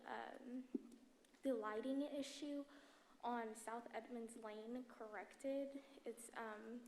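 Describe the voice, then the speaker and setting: A woman speaking as a resident at a public forum, giving a hesitant public comment with many filler pauses. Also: on the high side, creaky, darkish tone, slight background noise. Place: council chamber. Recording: echoey chamber.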